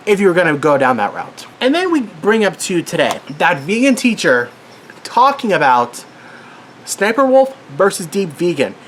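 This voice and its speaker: A man's voice: fairly high pitch, fairly bright tone, slight background noise. A worked-up man giving an angry commentary rant as a vlogger, swearing and exasperated.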